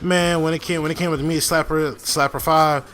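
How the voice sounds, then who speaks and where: A young gaming-channel host casually drags out a long story over gameplay, with plenty of fillers, restarts and profanity. His voice is a little high and a bit bright, delivered flatly and fairly quickly.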